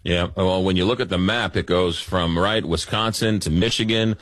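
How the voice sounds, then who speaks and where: A man hosting a night-time radio talk show, brisk and conversational with his guest. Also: sits low, fairly bright tone, dry recording.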